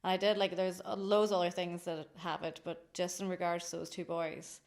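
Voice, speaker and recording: A woman's voice: on the low side, level tone, brisk, creaky. An Irish woman in her thirties, a company founder chatting effusively as a podcast guest and laughing often. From Ireland. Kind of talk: casual podcast interview.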